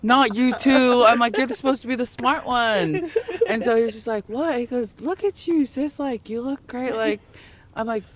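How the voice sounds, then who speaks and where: A woman's voice: a little high, normal speed. A young woman, a podcast guest, telling a funny story in casual chat, often laughing and acting out quoted voices. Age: young adult.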